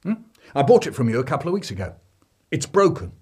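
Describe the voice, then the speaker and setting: A man's voice: mid-range voice, sing-song, quick pace, a little mellow, breathy edge. A man putting on the voice of an exasperated father who scolds and blusters indignantly.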